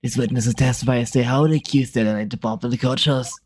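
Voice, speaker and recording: A man streaming a game, reading a smug, sneering male prosecutor with a drawn-out delivery. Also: medium pitch, fairly even intonation, a little mellow, a little hiss or hum, lightly acted. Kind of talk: casual game dialogue reading.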